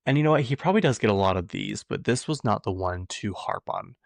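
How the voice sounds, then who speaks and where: Chatty low-voiced man dishing gossip. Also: animated, fast, creaky, no echo, studio quality. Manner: chatty, rambling, heavy use of "like". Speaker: podcast host. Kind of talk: casual pop-culture gossip chat.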